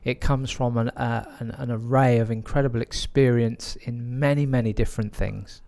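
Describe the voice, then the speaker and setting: A man who is a podcast guest, telling a story in a reflective way, with frequent pauses and restarts. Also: medium pitch, steady tone, gravelly, darkish tone. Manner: hesitant, many fillers and restarts, reflective. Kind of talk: conversational storytelling.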